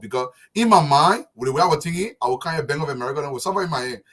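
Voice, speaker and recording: A man hosting a live talk show, telling animated stories and laughing often. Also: a little high, slight background noise. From Liberia.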